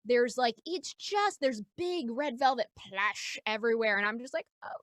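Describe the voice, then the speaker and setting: A woman comedian from New York telling a story as a guest in casual chat, animated and acting out the people in it. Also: a little high, moderate pace, dry recording. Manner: animated, acts out the people in her stories.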